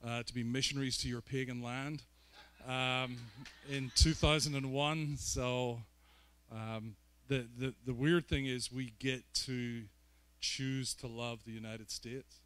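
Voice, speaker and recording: A man's voice: mid-range voice, steady tone, slow pace, a bit bright, smooth. A man from Northern Ireland with a Belfast accent, a guest preacher giving a sermon with joking, self-mocking asides. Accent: Northern Irish, Belfast.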